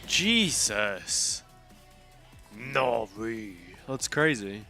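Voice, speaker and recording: Man, watch-party streamer, slow offhand asides, faint music behind. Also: medium pitch, lively intonation, sharp tone. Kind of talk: casual watch-party chat.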